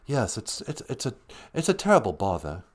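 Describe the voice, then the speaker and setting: A man's voice: on the low side, huge pitch swings. A man doing a weary, pompous monster. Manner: refined, halting, world-weary. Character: weary, pompous male monster speaking properly.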